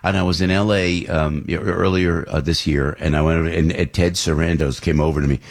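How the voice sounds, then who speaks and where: A man hosting morning radio, chatty and animated with playful asides. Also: low-pitched, a little fast, vocal fry. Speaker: radio host.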